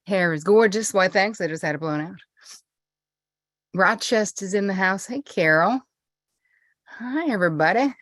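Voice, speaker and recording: A woman's voice: mid-range voice, lively intonation, measured pace, long pauses, fairly bright tone, dry recording, studio quality. A middle-aged woman hosting a live stream, chatty and bubbly as she greets viewers by name before a meditation. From United States. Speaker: host and therapist. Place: indoors at home.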